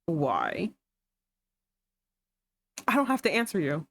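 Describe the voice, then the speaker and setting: A woman's voice: on the low side, huge pitch swings, slow, vocal fry, dry recording, studio quality. A woman streamer reading a romance game aloud and breaking off into sarcastic, swearing asides.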